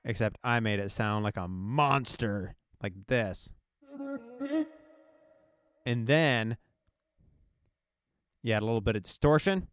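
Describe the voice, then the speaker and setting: A man's voice: medium pitch, smooth, no echo, studio quality. A man casually walking through his music production step by step in a live tutorial. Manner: chatty, explains step by step.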